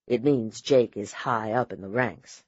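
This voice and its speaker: A man narrating an audiobook voices a tense, guarded young woman held hostage, speaking low and probing, on dry audio. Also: unhurried, a little mellow, husky, no echo, lo-fi sound. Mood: explaining.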